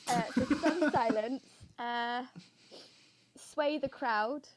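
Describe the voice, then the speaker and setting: A woman playing a tabletop game, chatty and quick to apologise as she checks rules. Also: on the high side, very noisy. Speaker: player. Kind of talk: casual tabletop play.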